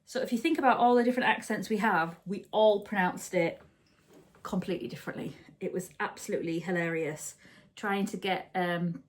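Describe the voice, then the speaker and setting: A woman's voice: medium pitch, a little fast. Woman rambling at home on her knitting podcast, chatty and keeps correcting herself. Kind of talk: casual chat.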